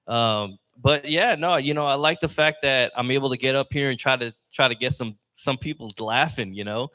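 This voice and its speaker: A man's voice: medium pitch, moderate pace, pushed and bright. A man doing a loose, rambling stand-up set on a lounge stage mic. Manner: rambling, loose, chatty delivery. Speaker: open mic comedian.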